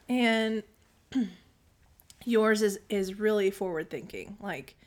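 Animated mom telling a story. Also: female voice, mid-range voice, drawn-out words. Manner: animated storytelling, acts out quotes; frequent throat clearing. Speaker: podcast co-host. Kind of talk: casual chat.

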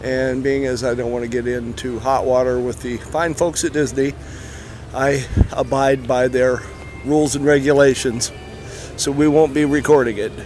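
A man's voice: mid-range voice, steady tone, moderate pace, a little mellow, faint music behind. A man hosting a podcast in a casual, rambling way with many filler uhs, partly recorded outdoors at a theme park. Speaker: podcast host.

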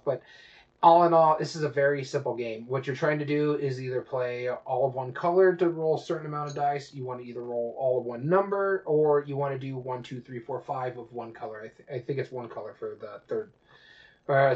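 A man's voice: mid-range voice, darkish tone. A man co-hosting a podcast, chatting casually about games and rambling with many fillers and restarts. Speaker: podcast co-host. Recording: dull lo-fi audio.

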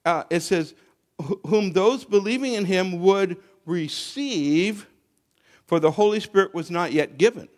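A man preaching a sermon in a halting way, often restarting words and lifting his voice when he quotes scripture. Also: high-pitched.

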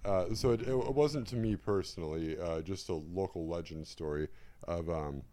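Young man, laid-back co-host, rambling storyteller, low and mellow. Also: normal speed, slight background noise. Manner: rambling, full of fillers and laughs. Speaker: podcast co-host. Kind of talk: casual chat, storytelling.

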